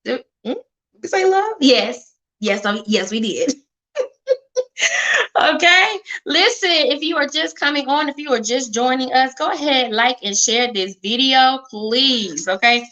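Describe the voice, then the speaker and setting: A woman's voice: medium pitch, sharp tone, low-quality recording. A woman hosting a live-stream talk show, chatty, hyping up her viewers and saying okay and y'all often. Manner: chatty, hypes the audience, says y'all and okay a lot. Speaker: show host.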